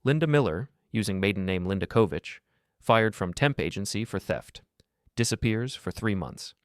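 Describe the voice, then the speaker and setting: A man narrating a first-person story in a steady, measured reading voice. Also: fairly low pitch, no echo, studio quality.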